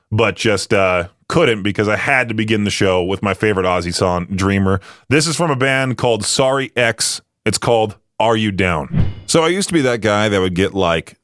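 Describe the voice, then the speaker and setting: A man's voice: lowish voice, fairly bright tone, dry recording. A man hosting a radio show in a studio, chatting casually with lots of fillers and self-deprecating asides. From United States. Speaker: radio host.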